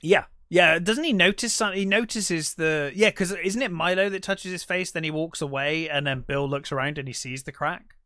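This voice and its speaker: A man co-hosting a podcast, casually retelling a movie's scenes and acting out quick quotes from the characters, with the odd swear. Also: a little high, bright, forceful tone, no room sound, studio quality. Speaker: podcast co-host. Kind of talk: casual film recap chat.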